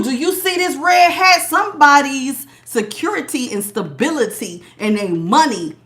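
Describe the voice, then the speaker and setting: A middle-aged woman giving a casual tarot reading to her viewers, animated and laughing, calling them honey and baby. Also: on the high side. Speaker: tarot reader.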